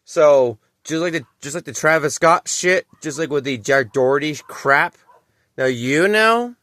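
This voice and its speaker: A young man in his late twenties rants heatedly straight to camera, swearing and circling back over the same points. His voice sits a bit high for a man and comes out sharp and forceful. The recording is close and dry. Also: lively intonation, unhurried, dry recording. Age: 20s. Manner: heated, profane, repeats himself. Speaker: vlogger. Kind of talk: angry ranting commentary to camera.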